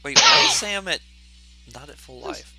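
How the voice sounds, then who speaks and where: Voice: mid-range voice, animated, moderate pace, bright, forceful tone, soft background music. A player at a tabletop game with a teasing, wry way of talking. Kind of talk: casual chat at a game table.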